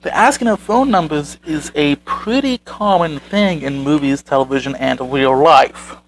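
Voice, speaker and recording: A man's voice: fairly high pitch, a little slow, a little hiss or hum, poor audio. A man hosting a commentary video, reading out social media posts and answering them with sarcastic, exasperated remarks.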